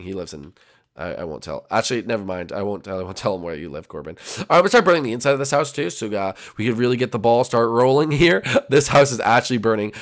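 Young male gaming YouTuber, gravelly, animated goofball delivery, Minecraft commentary. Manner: goofy, bursts into high-pitched yelling and made-up songs.

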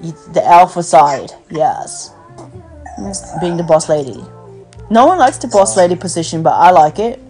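This podcast host is a woman with a fairly low, expressive voice, a darkish tone and normal speed. She rants bluntly with plenty of profanity and fillers in casual conversation, recorded as a phone call with faint music.

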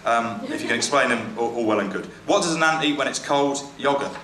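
A man doing live stand-up comedy, reading out jokes in a wry, halting way with lots of fillers and self-corrections. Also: medium pitch, very noisy. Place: comedy venue with a live audience. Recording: echoey venue with loud crowd. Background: audience laughter and cheering.

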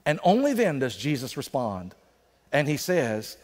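A man's voice: mid-range voice, huge pitch swings. Man preaching in a reverberant church. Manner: conversational preaching with emphatic slowdowns. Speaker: pastor. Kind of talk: sermon. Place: church sanctuary.

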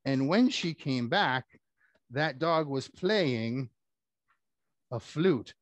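A man's voice: medium pitch, lively intonation, takes it slowly, dry recording. A man performing a children's puppet show, telling rhymes in a playful, theatrical way. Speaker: puppeteer and storyteller.

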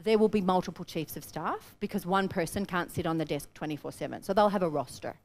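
Brisk Australian woman coaching a workshop. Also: on the low side. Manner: energetic, direct, storytelling. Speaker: business coach. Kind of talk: workshop teaching. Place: seminar room with an audience.

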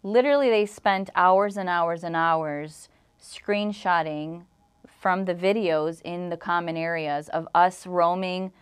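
A young woman recounts an upsetting personal ordeal in a rambling, filler-heavy way, slipping into the voices of the people involved. Her voice sits low and sounds smooth and clear. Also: a little slow. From Illinois. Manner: rambling storytelling, full of "like", acts out quoted exchanges. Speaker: interview guest. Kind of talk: emotional personal account.

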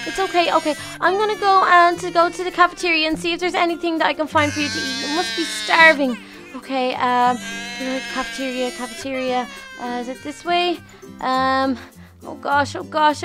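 A woman host narrating a game role-play in a fretful manner, exclaiming often and talking to herself. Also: sits high.

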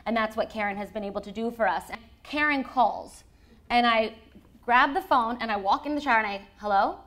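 Thirties woman, bit high voice, chatty storyteller, lots of energy. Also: brisk. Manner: lively, acts out quoted voices, laughs often. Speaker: guest sharing a personal story. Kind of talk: animated storytelling.

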